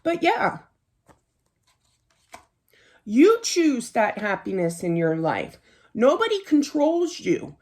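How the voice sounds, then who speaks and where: A middle-aged woman reads tarot cards in a casual, heartfelt chat. Her voice sits a little high and moves up and down a lot as she talks. She is earnest and laughs easily. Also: huge pitch swings, takes it slowly, pauses often, darkish tone. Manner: chatty, earnest, laughs easily, lots of "you know". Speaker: tarot card reader.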